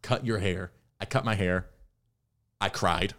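A young man, an actor, talking candidly in an interview, telling his story in a reflective, animated way. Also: deep voice, a little slow. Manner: candid, reflective, animated when quoting himself. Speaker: actor and podcast guest.

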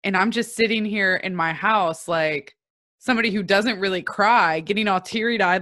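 A woman's voice: medium pitch, normal speed, fairly bright tone, no room sound, clean studio sound. A young woman hosting her own podcast, talking candidly and emphatically, swearing freely as she shares her experiences from home. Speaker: podcast host and coach. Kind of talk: casual solo podcast talk.

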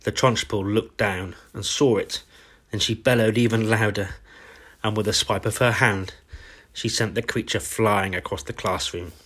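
A man reading a bedtime story aloud, slow and tender. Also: lowish voice, fairly even intonation, a bit bright.

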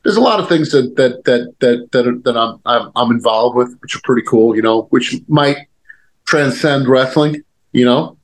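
A man's voice: mid-range voice, normal speed, low-quality recording. A man in his fifties, a former wrestler, telling stories in a rambling, casual way, with many restarts, fillers and the odd swear word. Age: 50s. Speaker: guest, former pro wrestler. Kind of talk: casual storytelling chat.

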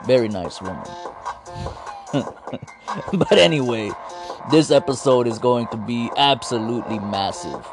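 A man's voice: medium pitch, animated, normal speed, music in the background. A man hosting a wrestling podcast, talking in a playful, slangy, self-mocking way. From Latino. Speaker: podcast host. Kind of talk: casual wrestling podcast commentary.

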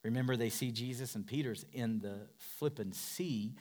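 A male pastor preaching a sermon with passion, dropping to hushed tones and climbing to loud, shouted declarations. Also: mid-range voice, normal speed.

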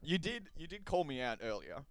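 Laid-back man, lively pitch. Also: brisk, slight background noise. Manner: laid-back, laughs often, reads messages aloud. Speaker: podcast co-host. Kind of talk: casual chat.

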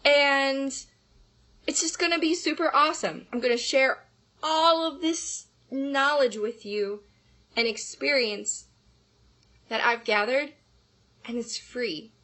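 A woman's voice: high voice, takes it slowly, pauses often, a bit bright. A woman voice teacher giving an upbeat, enthusiastic podcast lesson on singing.

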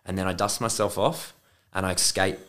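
A man's voice: low voice, fairly even intonation, normal speed, a bit bright. A man co-hosting a podcast in casual chat, earnest and reflective. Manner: earnest, reflective, says "mate". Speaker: podcast co-host.

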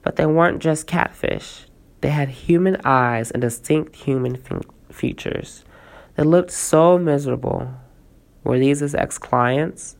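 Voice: medium pitch, unhurried, vocal fry. A storyteller reading a first-person tale aloud and breaking off now and then for casual asides to listeners.

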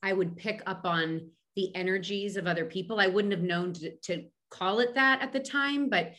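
Speaking at a normal pace in a mid-range, fairly bright voice, this middle-aged woman from Philadelphia is a medium being interviewed on a podcast. The conversation is casual, and she talks chattily, often restarting and using fillers.

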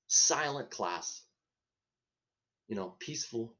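Rambling, profane podcast host telling a story. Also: male voice, fairly low pitch, animated, moderate pace. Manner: rambling, profane, self-interrupting, laughs at own story. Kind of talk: casual comedic storytelling.

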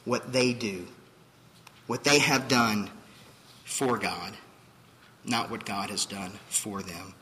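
A man's voice: on the low side, takes it slowly, pauses often, pushed and bright, long reverb tail, rough recording. A man preaching a sermon as pastor, emphatic and full of rhetorical questions. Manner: emphatic, rhetorical questions, acts out quoted voices.

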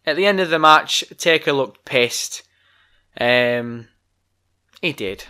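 A man's voice: medium pitch, takes it slowly, pushed and bright, clean tone. A man hosting a solo wrestling podcast, ranting bluntly and swearing a lot. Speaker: podcast host.

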